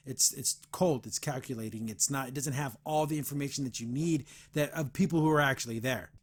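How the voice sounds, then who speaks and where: A man's voice: medium pitch, fairly quick, slight background noise. A man hosting a podcast, reviewing a comic in casual chat, earnest and rambling, with frequent restarts and heated asides. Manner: gets heated about the veterans system.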